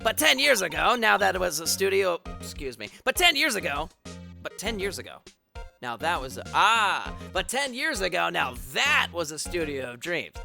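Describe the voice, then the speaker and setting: A man's voice: sits high, sing-song, moderate pace, vocal fry, pushed and bright, faint music behind, pitched above the performer's own voice, heavily acted. A man voicing a bossy, fussy old woman who works as a studio security guard, scolding and rambling.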